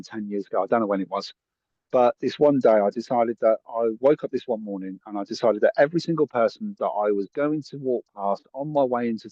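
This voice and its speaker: A man's voice: medium pitch, a little mellow, dry recording, highs cut off. Earnest man telling a story. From England. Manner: earnest, chatty, acts out quoted voices. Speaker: podcast guest. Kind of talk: casual storytelling.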